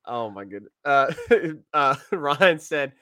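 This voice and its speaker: Guy co-hosting a sports podcast, bright kinda high voice, laughs a lot, lots of ums. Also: very animated, slow pace. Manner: chatty, laughs often, many fillers. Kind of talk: casual sports chat.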